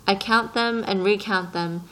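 In a low-quality recording, a woman reading an audiobook takes on the voice of a fussy, self-important businessman, a peevish, pompous middle-aged man certain of his own importance. Her natural mid-range voice is steady, a bit bright, and a little slow, and she gives him precise, slightly raised force.

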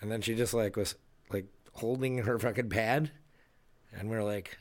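A man's voice: fairly low pitch, normal speed, no room sound. A man in casual podcast chat, retelling an annoying experience with lots of "like" and quoted reactions. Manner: animated retelling with filler-heavy, incredulous quoting.

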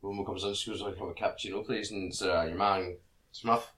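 A man, co-hosting a casual podcast chat and telling sketch stories in a lively, sweary way. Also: deep voice, brisk, low-quality recording. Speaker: podcast co-host.

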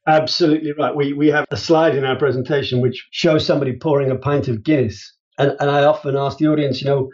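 This fairly high-voiced guest, also a business author, chats briskly and animatedly through the interview, jumping up in pitch whenever he stresses a point or quotes someone. The audio is muffled and lo-fi.

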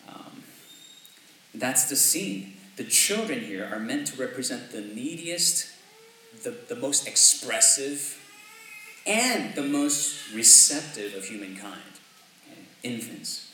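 A man's voice: mid-range voice, expressive, takes it slowly, bright, forceful tone, very echoey, recorded from a distance, slight background noise, rough recording. A man preaching a sermon as pastor, in a conversational way, often asking "right?" and laughing lightly. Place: church sanctuary.

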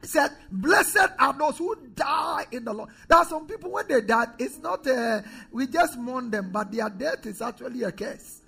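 A pastor preaching a sermon, calling on the congregation to repeat phrases, swinging from loud declarations to low quiet asides. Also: male voice, expressive, moderate pace, vocal fry, hardly any pauses, slightly rough, faint music behind. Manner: preaching with call-and-response to the congregation.

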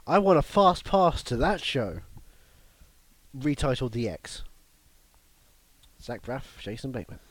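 A man bantering on a comedy podcast, jokey and quick to break into silly voices. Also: medium pitch, big pitch swings, no echo. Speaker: podcast co-host.

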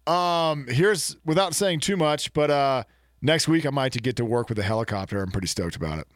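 A man's voice: medium pitch, animated, moderate pace, no room sound. A man co-hosting a community radio sports show in casual banter, joking with dry self-mocking asides, his voice a bit stuffed up from allergies.

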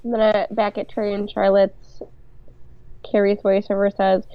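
A woman's voice: medium pitch, monotone, moderate pace, smooth. A woman chats through a casual recap as a podcast co-host. She talks loosely and now and then swears as she reads lines aloud. Her voice comes through dull and muffled, with a dry, close sound and no room echo. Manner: chatty, swears, reads show quotes aloud.

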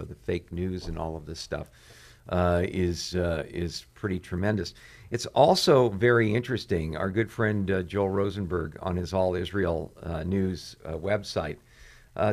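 A man, a pastor and show host, commenting on current events and reading quotes aloud, pausing often with "uh" fillers. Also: on the low side. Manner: frequent "uh" fillers, reads quotes aloud with rising intensity.

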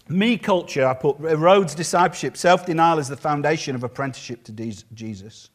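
A man preaching a sermon as a pastor, lively and acting out the words of others. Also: a little high, a little fast, few pauses. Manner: lively, acts out quotes of others.

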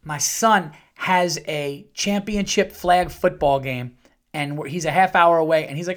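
A man in his thirties or forties hosting a podcast, telling a story in a casual, profane, animated way and acting out quotes with sudden jumps in pitch and loudness. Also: measured pace. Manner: profane and conversational. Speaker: podcast host.

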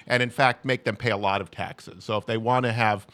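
A man's voice: on the low side, fairly even intonation, fairly quick, a bit bright, no room sound. A man co-hosting a political talk show, explaining the news earnestly with frequent restarts. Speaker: co-host.

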